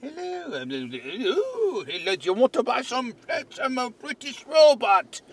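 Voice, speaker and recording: A man's voice: very high voice, measured pace, fairly bright tone, pitched above the performer's own voice. A man putting on a bad, over-the-top fake British accent as a cheesy salesman. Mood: showing off.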